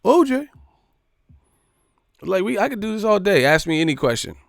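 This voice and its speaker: A man's voice: high-pitched, animated, fast, gravelly, no echo, clean studio sound. A man hosting a boxing live stream, ranting in a profane, mocking, repetitive way.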